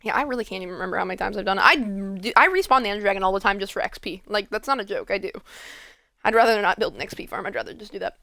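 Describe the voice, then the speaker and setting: A woman's voice: medium pitch, very fast, vocal fry, sharp tone, no room sound. A teenage girl hosting a casual chat, rambling with many fillers. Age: teens. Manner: rambling, filler-heavy, laughs often. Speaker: host.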